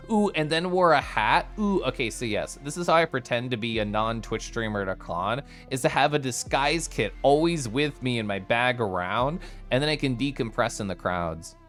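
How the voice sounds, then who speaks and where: A young man from the United States, an energetic streamer chatting casually with his viewers and answering chat, with frequent laughs and asides. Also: medium pitch, normal speed, few pauses, faint music behind. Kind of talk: casual live-stream chat, reading chat aloud.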